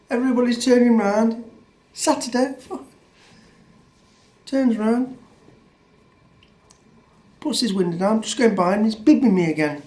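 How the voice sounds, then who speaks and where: A man's voice: sits high, big pitch swings, a little slow, long pauses, darkish tone. A man in his fifties telling a story as a vlogger, blunt and sweary, rambling with many restarts. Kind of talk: casual storytelling rant.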